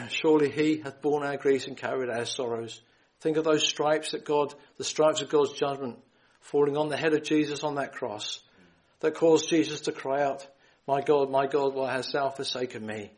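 A man preaching a gospel sermon, earnest and pleading, quoting scripture and often repeating phrases and clearing his throat. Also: mid-range voice, fairly even intonation, normal speed, poor audio.

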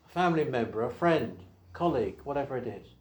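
A man preaching an evangelistic sermon, asking rhetorical questions and swinging between quiet asides and raised emphasis. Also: mid-range voice, lively intonation, fast talker. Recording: echoey hall.

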